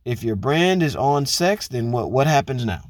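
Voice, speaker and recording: In a casual monologue on relationships, a man with a medium pitch and big pitch swings speaks at normal speed. Blunt and profane, he addresses women listeners directly and fires pointed rhetorical questions at them. The recording is dry and studio-clean.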